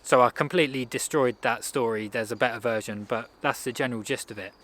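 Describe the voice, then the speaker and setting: A self-improvement speaker, a man with an average-pitched, fairly bright voice, gives a casual motivational talk at a fast pace. He rambles conversationally, breaking off and restarting sentences as he goes.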